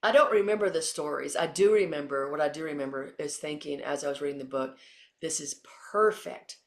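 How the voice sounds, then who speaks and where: A middle-aged woman from Texas, a former Olympian and coach, answering interview questions as an animated storyteller who acts out the quotes. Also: low voice, quick pace.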